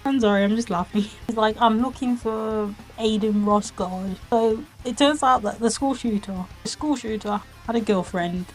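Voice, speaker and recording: A woman's voice: a little high, moderate pace, few pauses, soft background music. A woman casually reviewing online videos, retelling the plot in a rambling, giggly, exclamatory way.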